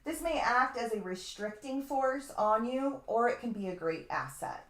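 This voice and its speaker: A woman's voice: a little high, animated, normal speed. Chatty woman astrologer in an echoey room. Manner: chatty, digressive, fond of asides and mild swearing. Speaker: astrologer teaching a webinar. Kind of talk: casual spoken lecture.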